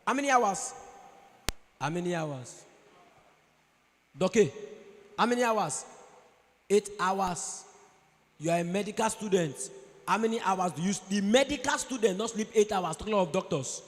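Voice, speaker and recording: A man with a Nigerian accent giving an animated motivational talk at a conference, often acting out the voices of people he quotes. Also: high-pitched, measured pace, long pauses. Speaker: conference speaker. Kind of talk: motivational speech. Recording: echoey hall.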